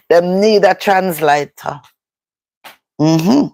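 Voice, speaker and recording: Jamaican woman vlogger, slow and emphatic, patois chat, dry close sound. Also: on the low side, a little mellow, dry recording. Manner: talks in patois, emphatic and rhetorical. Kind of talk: casual live-stream chat.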